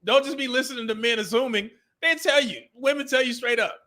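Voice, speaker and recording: A man's voice: very high-pitched, fairly quick, pushed and bright. A man with a Californian accent hosting a live stream in casual, joking talk, often laughing and reading out viewer messages.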